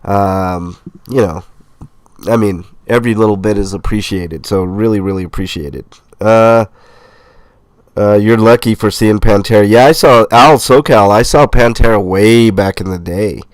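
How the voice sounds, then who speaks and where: A middle-aged man with a stuffy, nasal voice from a cold, casually reading viewer comments aloud as a livestream host, relaxed and rambling. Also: on the low side, moderate pace, no room sound. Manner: relaxed, rambling, with fillers and laughs. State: sick, congested nasal voice.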